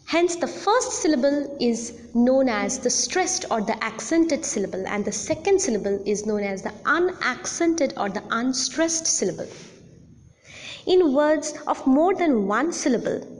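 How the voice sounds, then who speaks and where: A woman giving a recorded audio lecture, explaining slowly and deliberately with repeated examples. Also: sits high, lively intonation, darkish tone, big-room sound.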